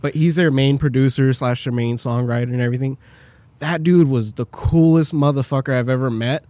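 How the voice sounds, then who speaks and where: A man telling stories as a podcast guest in a casual, animated way, swearing freely as he talks. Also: mid-range voice, a little fast. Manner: profane, animated storytelling. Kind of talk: casual chat.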